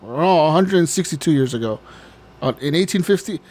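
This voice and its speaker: A man with a high-pitched voice co-hosts a casual podcast, ranting animatedly and swearing freely. He laughs often and talks loosely. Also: expressive, fairly quick, a little mellow. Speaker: podcast co-host.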